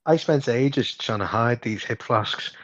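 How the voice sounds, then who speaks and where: A man co-hosting a podcast in casual chat, an animated storyteller with a voice worn hoarse. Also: measured pace. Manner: animated storyteller, jumps high in pitch. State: hoarse, hungover. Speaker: podcast co-host. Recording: dull lo-fi sound.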